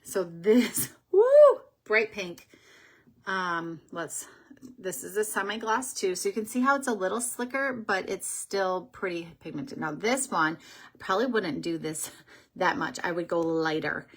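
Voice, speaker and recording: A woman with a breathy, slightly husky voice hosts a casual makeup vlog. She chats and thinks aloud as she swatches colours, unsure of some names and now and then falling to a soft whisper. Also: fairly low pitch, a little slow. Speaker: beauty vlogger host.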